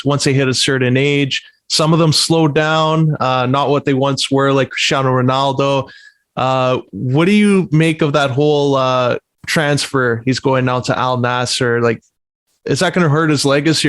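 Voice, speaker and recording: A man interviewing a guest for radio, mid-pitched and conversational, with a few fillers as he sets up his questions. The sound is dry and close to the mic. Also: no room sound.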